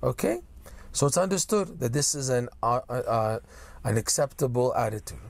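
Man, religious teacher, mid-pitched voice, explanatory, stretches key words. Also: expressive, no echo. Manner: explanatory, stretches key words slowly, asks "okay?" and "right?". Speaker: rabbi teaching Torah lesson.

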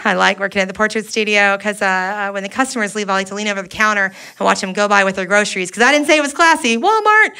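A woman's voice: medium pitch, fast talker, few pauses, noisy background. A woman performing a brash, exasperated stand-up comedy set on a club stage. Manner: brash, exasperated, loud outbursts. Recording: live club recording with audience laughter. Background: crowd laughing.

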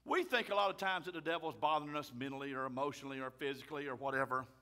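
A man, a pastor preaching a fiery sermon loudly and emphatically. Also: mid-range voice, rapid-fire. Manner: loud, emphatic, raises his voice.

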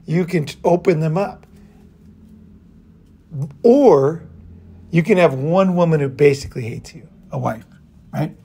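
A middle-aged podcast host with a slightly high voice, mellow yet gravelly and husky, speaks at a measured pace with long pauses and an animated delivery. He tells stories in a rambling, casual monologue packed with fillers and frequent swearing.

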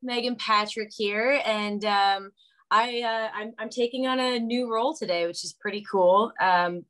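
A woman's voice: fairly high pitch, measured pace, fairly bright tone, rough recording. A young woman hosting a casual radio interview. She talks in a chatty, giggly way and fills her speech with ums. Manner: chatty and giggly, with many fillers. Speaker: guest interviewer.

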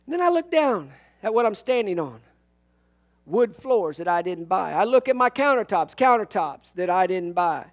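Man, pastor, sermon, very high voice, animated, folksy humor, loud-to-hushed swings. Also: moderate pace.

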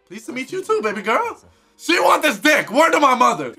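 A man streaming a video game, joking loudly, swearing and shouting his reactions. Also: very high-pitched, sing-song, brisk, gravelly, faint music behind. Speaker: gaming streamer. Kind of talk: comedic live game commentary.

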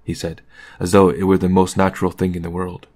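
A man reading a novel aloud as an audiobook in a calm, measured narration. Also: sits low. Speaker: audiobook reader.

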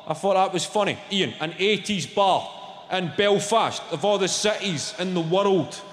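A man's voice: sits high, normal speed, a bit bright. A man with a Scottish accent doing brash, sweary stand-up comedy, mocking the crowd. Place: large comedy venue, on stage. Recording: live hall, roomy and reverberant. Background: audience laughter.

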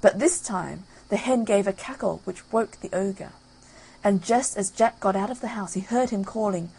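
A woman narrating a bedtime fairy tale audiobook, lively and storytelling. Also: mid-range voice, normal speed, vocal fry, breathy edge, poor audio. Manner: lively storytelling with loud sound effects.

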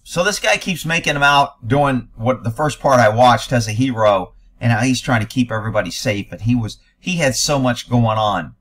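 A man's voice: mid-range voice, expressive, normal speed, few pauses, a bit bright. A man giving blunt, sarcastic, profane commentary while reacting to news footage.

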